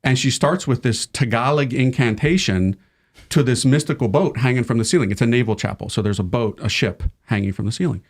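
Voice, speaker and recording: A middle-aged priest, appearing as an interview guest, tells a lively story in casual slang at a fairly quick pace. His voice is mid-range, he laughs often, and he acts out the people in the tale.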